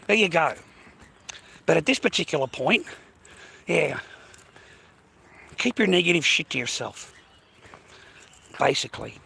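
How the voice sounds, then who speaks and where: A man livestreaming, ranting angrily at his viewers, swearing a lot and repeating himself, sometimes dropping to a low quiet menace. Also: very animated, a little slow, vocal fry, long pauses, slightly rough. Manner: swears constantly, repeats phrases, berates viewers; drops low and quiet when threatening. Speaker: livestreamer talking to his chat. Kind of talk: angry rant to chat.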